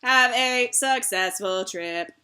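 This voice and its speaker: A woman's voice: on the high side, takes it slowly. A woman co-hosting a live game stream, chatting casually and giggling while she draws. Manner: giggly, excitable. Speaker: stream co-host. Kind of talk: casual chat while drawing.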